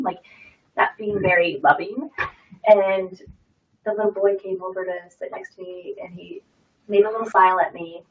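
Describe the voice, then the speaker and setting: A woman's voice: mid-range voice, normal speed. A woman in her thirties, a mother telling home stories in a chatty way with many fillers and restarts. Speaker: guest sharing a testimonial. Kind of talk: casual chat. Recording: muffled audio from far off the mic.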